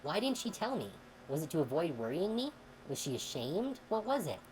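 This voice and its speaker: A woman streamer reading a game's dialogue aloud, expressive and sometimes heated. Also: lowish voice, moderate pace, a little hiss or hum, low-quality recording. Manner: expressive, swings into heated outbursts when reading.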